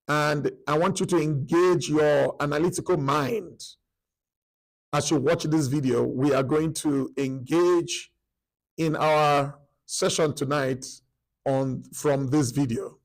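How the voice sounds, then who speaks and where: A man hosting an online relationship session, introducing a video slowly and deliberately with many fillers. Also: fairly high pitch, gravelly, poor audio. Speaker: host, relationship session leader.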